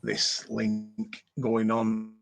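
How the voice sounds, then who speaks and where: A man's voice: fairly low pitch, completely flat delivery, extremely slow, gravelly, faint music behind. A British man hosting a casual live detecting talk stream, chatting and reading viewer comments aloud. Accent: British English. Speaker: livestream host.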